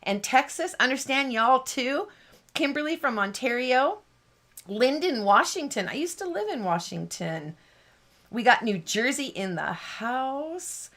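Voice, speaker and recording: A woman's voice: high voice, expressive, a little slow, fairly bright tone. Bubbly, rambling live-stream host woman. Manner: bubbly, rambling, laughs often. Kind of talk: chatty live-stream banter.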